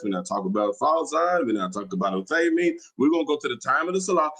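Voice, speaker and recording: A man's voice: a little high, a bit bright, breathy edge, rough recording. A man hosting a religious livestream, arguing his points and reading out viewer comments, often repeating himself. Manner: argumentative, challenging, repeats himself. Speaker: livestream host.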